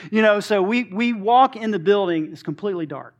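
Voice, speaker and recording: A man's voice: high-pitched, normal speed. A man in his late forties, a pastor telling a personal story in a sermon, acting out dialogue with frequent restarts. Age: 40s.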